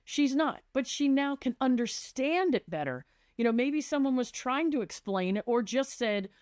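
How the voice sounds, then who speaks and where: A woman's voice: sits high, animated, normal speed, a little mellow, dry recording, studio quality. A woman who works as a residential designer, chatting on a podcast and animatedly acting out conversations with clients.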